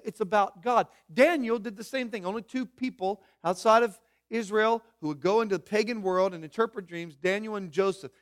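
In this sermon, a male pastor drives his points home with slow, loud declarations, then drops into quiet, low asides.

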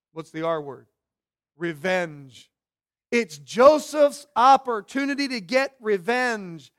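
A man with a fairly high voice preaches a sermon. He keeps it conversational, throwing questions at his listeners and briefly acting out the voices of the people in the story. His delivery is lively and moves up and down. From York County. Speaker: pastor.

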